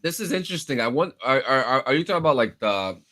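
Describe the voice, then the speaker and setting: A man's voice: medium pitch, quick pace. Jersey dude teasing his cohost, voice swings up and down a lot, call mic. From New Jersey. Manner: teasing, lively banter. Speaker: podcast co-host. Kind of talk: casual chat.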